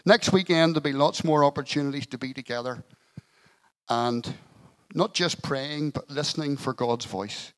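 A man's voice: a little high, normal speed, low-quality recording. A male pastor giving an earnest sermon in church, telling a story with a touch of light humour.

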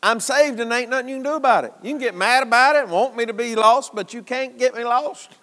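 A man preaching a sermon in a church, folksy, at times shouting and at times dropping low. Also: fast talker, long reverb tail.

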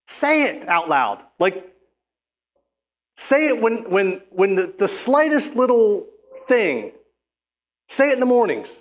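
A man's voice: sits high, very animated, slow, long pauses. A man preaching a sermon, reading scripture and urging listeners with emphatic, exhorting speech. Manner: emphatic, exhorting, with frequent restarts.

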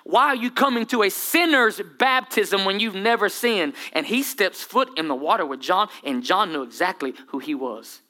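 A man preaching a sermon with humor, dramatic whispers and sudden loud bursts. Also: sits high, animated, normal speed, few pauses. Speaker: pastor.

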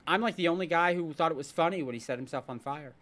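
A man's voice: on the high side, fast. A man hosting a casual podcast, telling stories and ranting with jokes. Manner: animated, ranting, jokey storyteller. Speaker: podcast host. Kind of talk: casual chat.

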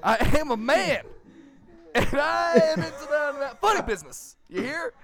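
Gruff old frontier prospector, put on by a man mid-joke, high-pitched, slow and drawn-out. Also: animated, a crowd in the background, heavily acted. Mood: demanding. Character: gruff old male gold-town prospector.

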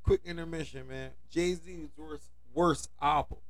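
High-voiced young man, rowdy banter. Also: steady tone, measured pace. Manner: rowdy, repeating punchlines loudly. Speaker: podcast co-host. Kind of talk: casual chat.

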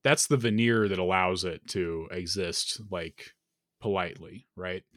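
A man's voice: low voice, measured pace, a bit bright, dry recording, studio quality. A man co-hosting a casual chat, arguing and explaining his points with lots of "like" and "you know".

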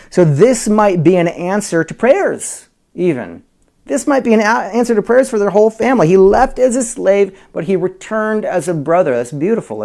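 A man teaching a Bible study in a conversational way, full of rhetorical questions and swinging between loud emphasis and quiet asides. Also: on the high side, gravelly. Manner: frequent fillers and restarts, chuckles.

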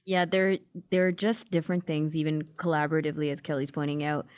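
Earnest lower-voiced woman co-host. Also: level tone, fast, a little mellow, clear, resonant tone. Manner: earnest, explanatory. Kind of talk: panel discussion.

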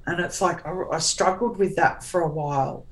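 Low-voiced forthright woman in her forties. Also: low-quality recording. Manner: forthright, sarcastic, talks in quick restarts. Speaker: guest author. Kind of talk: candid interview chat.

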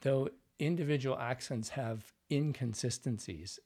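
Male dialect coach in an interview, husky mid-range voice, patient and explanatory. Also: mid-range voice, a little slow, mellow. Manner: explanatory, demonstrates lines and sounds.

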